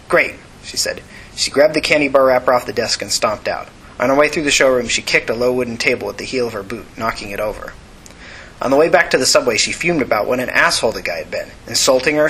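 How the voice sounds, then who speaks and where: A male narrator reading a novel aloud at an even, steady pace. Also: mid-range voice, slight background noise, low-quality recording. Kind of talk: audiobook narration.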